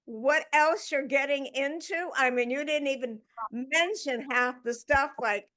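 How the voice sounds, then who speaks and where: A woman hosting a talk show, enthusiastic and quick to laugh with her guest. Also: high voice, fairly bright tone. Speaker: host. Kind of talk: casual chat.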